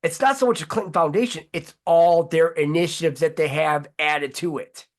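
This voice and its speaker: A man's voice: a little high, normal speed. A man hosting a casual talk show, talking in long, heated, rambling runs and swearing freely. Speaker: host.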